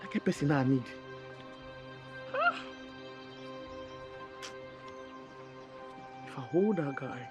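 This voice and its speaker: An actor with a Nigerian English accent playing a hopeful young jobseeker who stammers, gushes thanks and slips into pidgin. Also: male voice, on the high side, huge pitch swings, normal speed, over music. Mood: musing. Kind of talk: film drama acting.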